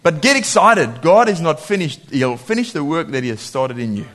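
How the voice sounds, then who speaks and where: A man preaching a sermon in a lively way, laughing often and acting out voices when he quotes people. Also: a little high, normal speed.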